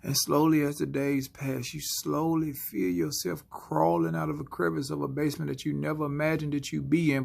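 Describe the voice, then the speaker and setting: A man giving a spoken-word motivational sermon, slow and dramatic, often dropping into hushed whispers. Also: fairly high pitch, vocal fry. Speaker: motivational speaker.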